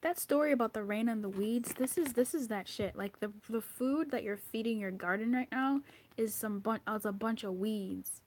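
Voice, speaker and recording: A woman's voice: a little high, normal speed. A woman giving an intuitive tarot card reading, blunt and profane, scolding the listener with exasperation. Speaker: tarot reader.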